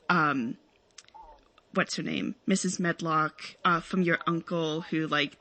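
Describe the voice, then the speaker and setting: A woman's voice: deep voice, sharp tone. A woman guest on a podcast, chatting thoughtfully about a film, rambling a little as she goes. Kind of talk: casual film discussion.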